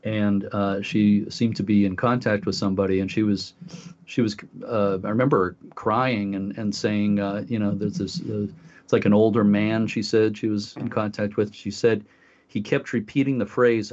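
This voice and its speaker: A man's voice: lowish voice, steady tone, normal speed, darkish tone. A man co-hosting a talk show, telling a story casually with many fillers and restarts. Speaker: podcast co-host. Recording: dull lo-fi audio.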